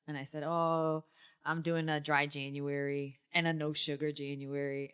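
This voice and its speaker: A young woman hosting a casual podcast, telling a long story and swinging up into high, excited tones. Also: moderate pace, clear, resonant tone. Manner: animated storyteller, jumps to high excited pitch. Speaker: podcast host.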